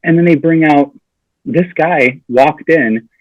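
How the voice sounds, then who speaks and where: A comedian guest on a podcast tells a funny story, animatedly acting out the lines of the people in it. His fairly high voice is slow, with no room sound and the highs cut off.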